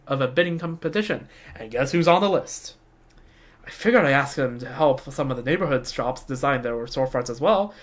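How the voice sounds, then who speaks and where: Playful woman streamer reading game lines. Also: low-pitched. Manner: playful, chatty asides. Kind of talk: reading game dialogue aloud with commentary.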